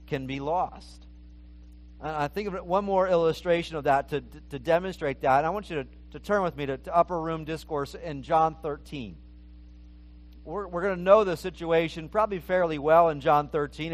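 A male pastor preaching an expository sermon, earnest and restarting phrases as he explains the text. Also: fairly high pitch.

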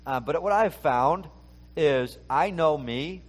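A man's voice: fairly high pitch, lively intonation, slow pace. A male pastor preaching a conversational sermon, talking casually and asking the listeners many rhetorical questions.

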